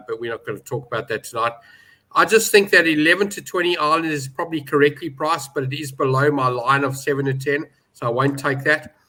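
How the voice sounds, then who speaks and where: On poor audio, a man with a sharp voice on the high side gives opinionated betting views in a casual panel chat. A betting pundit, he presses his points hard and is especially emphatic about prices.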